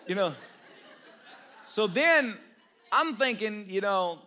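A man's voice: high-pitched, expressive, takes it slowly, pauses often, sharp tone. A man preaching a storytelling sermon as a pastor, humorous and self-deprecating, laughing often as he talks straight to his congregation. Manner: conversational, addresses congregation directly.

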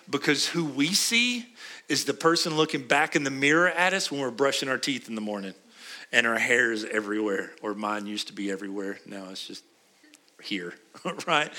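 Bright-voiced pastor preaching casually. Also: male voice, mid-range voice. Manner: conversational, asks the congregation questions. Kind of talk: sermon.

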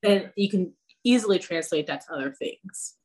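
A woman's voice: on the low side, expressive, normal speed, a little mellow, breathy edge. A woman who teaches belly dance, chatting casually on a podcast, leaning on filler words and laughing often.

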